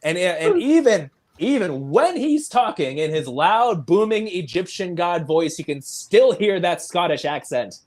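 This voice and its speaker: High, lively man chatting about films. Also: measured pace, hardly any pauses. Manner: animated, laughs often, trips over words. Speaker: podcast co-host. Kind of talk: casual movie chat.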